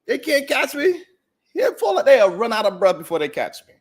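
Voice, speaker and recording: Male livestream host with a high-pitched voice, joking and boastful, laughing often, casual monologue to his chat. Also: very animated, normal speed, slightly rough.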